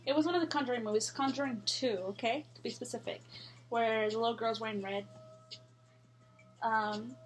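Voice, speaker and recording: A woman's voice: a little high, fairly even intonation, normal speed, pauses often. A young woman telling a scary story in a casual, rambling way, full of fillers and swearing.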